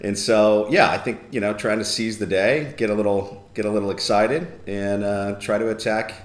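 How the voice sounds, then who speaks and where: A man's voice: lowish voice, steady tone, normal speed. A man, a podcast guest talking casually about his career. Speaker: podcast guest, company president. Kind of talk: conversational interview. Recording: echoey room.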